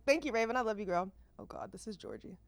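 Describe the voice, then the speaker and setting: A woman in her thirties hosting a podcast, chatting casually in a lively, slangy, exclamatory way. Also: on the high side, brisk, no echo. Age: 30s. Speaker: podcast host.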